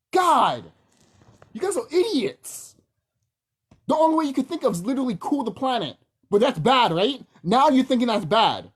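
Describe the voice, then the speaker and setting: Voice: medium pitch, breathy edge. A young adult video blogger ranting heatedly to the camera, swearing a lot and mocking the people they address. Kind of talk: profane angry rant to camera.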